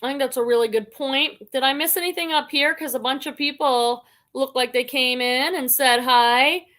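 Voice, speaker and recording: Chatty woman on a live stream reading out comments, high bright voice. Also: normal speed. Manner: chatty, reads comments aloud then reacts. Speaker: livestream host reading viewer comments. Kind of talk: casual live-stream chat.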